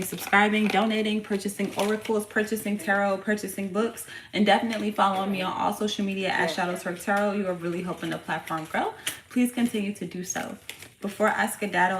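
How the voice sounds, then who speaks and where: A woman hosting a casual tarot reading at home, talking in a slangy, profane, hyped-up way to her viewers. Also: medium pitch. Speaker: tarot reader and channel host. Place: home room with her young son nearby. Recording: roomy echo with faint background noise.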